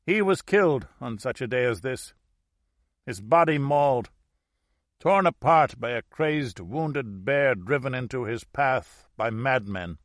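A man reading aloud and voicing a sharp-tongued, dying 85-year-old Russian grandmother who speaks urgently. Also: medium pitch, lively intonation, a little slow, no room sound, clean studio sound, close to an everyday voice.

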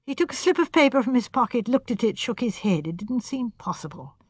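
A woman reading a classic mystery novel aloud with steady, measured narration. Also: a little high, breathy edge, dry recording, studio quality. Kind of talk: audiobook narration.

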